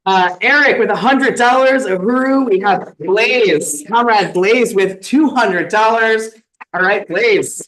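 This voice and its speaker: A man's voice: high-pitched, slow pace, a bit bright, low-quality recording. A man emceeing a conference, reading donor names one by one in an upbeat way and saluting each.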